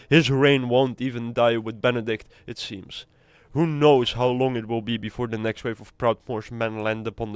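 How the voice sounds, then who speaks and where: A man's voice: mid-range voice, no room sound, lightly acted. A man reading aloud the lines of a stern male orc commander from a video game who distrusts humans. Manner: reading quest text aloud.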